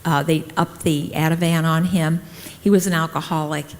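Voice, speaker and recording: A middle-aged woman, a nurse, speaks at a conference in a slightly low voice, animatedly playing the people in her stories. Her words ring out with a long reverb from the large hall. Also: normal speed. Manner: lively, acts out quoted dialogue. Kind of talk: personal storytelling talk.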